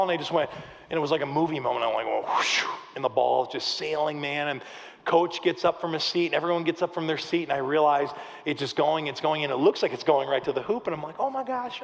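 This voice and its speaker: A middle-aged man preaching a sermon, telling a story with lively, acted-out quotes. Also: fairly high pitch. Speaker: pastor. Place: large church hall. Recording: long reverb of a large hall.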